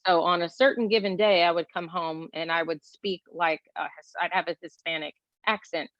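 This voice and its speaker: A talkative, outspoken woman from Texas, leaning on fillers as she chats. Her voice sits a little low, and it comes through dry and dull, a touch lo-fi. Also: fairly even intonation, normal speed, no echo. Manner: chatty, outspoken, many fillers. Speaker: guest. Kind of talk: casual conversation. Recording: dull lo-fi sound.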